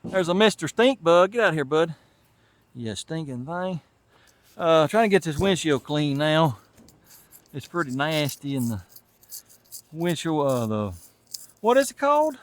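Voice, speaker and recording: A man's voice: fairly high pitch, big pitch swings, a little slow, long pauses. A man with a Southern US accent, talking casually to the camera while fixing an old truck in a garage and thinking aloud as he works. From Tennessee. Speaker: channel host and mechanic.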